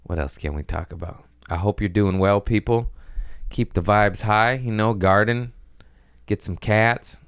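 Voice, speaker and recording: A deep-voiced man rambles through a casual podcast monologue, peppered with profanity and self-mockery. His voice is smooth and resonant. The sound is dry and close, with no room around it. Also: dry recording. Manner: profane, self-mocking, drifts between quick asides and mumbled lines. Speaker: podcast host.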